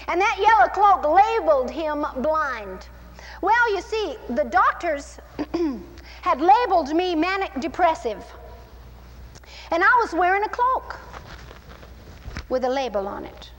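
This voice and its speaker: A woman preaching and teaching from the Bible, animated and acting out the scenes as she tells them. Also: high-pitched, long reverb tail, poor audio. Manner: animated, acts out scenes with shifting pace. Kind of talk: sermon-style Bible teaching.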